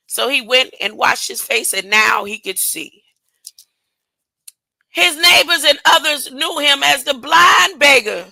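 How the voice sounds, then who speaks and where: High-voiced woman preaching with laughter. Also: vocal fry, no room sound, poor audio. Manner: animated, laughing, acts out Bible characters in casual speech. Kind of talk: informal sermon with storytelling.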